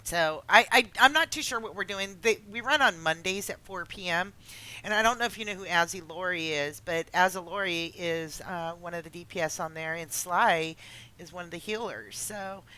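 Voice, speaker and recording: A woman hosting a casual chat, talking in a chatty way with many uhs and halting starts. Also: lowish voice, sharp tone. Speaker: host.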